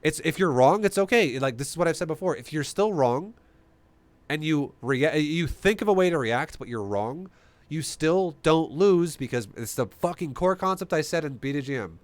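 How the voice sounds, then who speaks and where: A man streaming a strategy game, explaining his play in an animated, swearing, rhetorical way. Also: a little high, normal speed, dry recording. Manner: animated, profane, rhetorical questions. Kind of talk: live-stream commentary.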